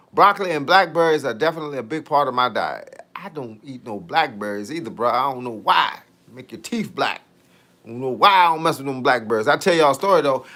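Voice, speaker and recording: A man's voice: a little high, fairly bright tone. Slangy, joking man chatting live. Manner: laid-back and joking, heavy slang. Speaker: fitness coach hosting a live stream. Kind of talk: casual live-stream chat, reading viewer comments.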